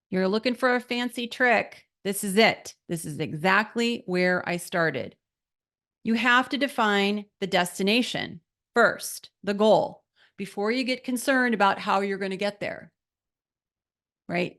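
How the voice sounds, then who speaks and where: A woman's voice: medium pitch, fairly bright tone. A middle-aged woman leads an online course lesson as a mentor for artists. She speaks in an emphatic, motivational way and keeps throwing rhetorical questions at her listeners. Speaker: art business mentor.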